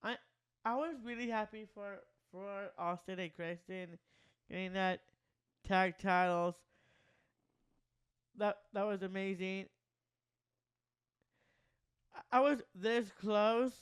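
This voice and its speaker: A person in casual podcast chat who speaks haltingly, repeating words while starting sentences. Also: mid-range voice, clear, resonant tone.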